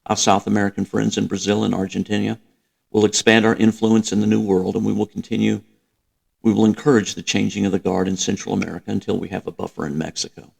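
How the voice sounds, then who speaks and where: A man voicing a grandiose middle-aged dictator, speaking in a slow, emphatic rant. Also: fairly low pitch, little pitch movement, creaky, darkish tone, breathy edge, exaggerated voice.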